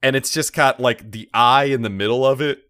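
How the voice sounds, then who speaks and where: Male podcast co-host, bright tone, dry mic, chatty recap with digressions. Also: medium pitch, moderate pace, no room sound. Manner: rambling, animated, many fillers and asides. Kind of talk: casual anime recap chat.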